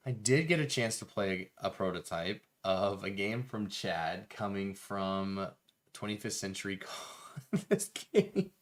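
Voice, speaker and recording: A man co-hosting a casual board game stream, excitable and rambling, laughing often. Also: on the low side, measured pace. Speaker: podcast co-host. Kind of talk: casual chat about board games.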